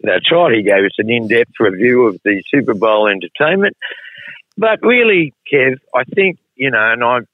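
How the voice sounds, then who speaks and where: A man co-hosting a radio show, teasing and animated. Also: mid-range voice, moderate pace, dry recording, phone-quality sound. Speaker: radio co-host. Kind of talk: casual radio banter.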